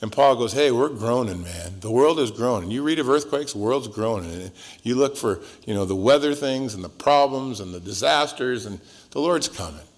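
A male pastor teaching through a Bible passage verse by verse in a relaxed, joking, conversational way, his voice swinging up and down. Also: normal speed. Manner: conversational and joking, with wide swings in pitch and loudness.

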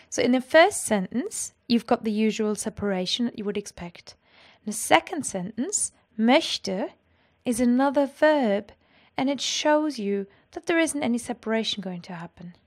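A woman teaches a language lesson, explaining each point clearly and with lively energy. Her voice sits a little higher than most.

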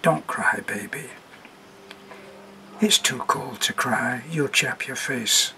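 A man voicing a gentle, worn down-and-out man in a story reading, speaking low and soft. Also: expressive, normal speed, slight background noise, natural voice. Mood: soothing.

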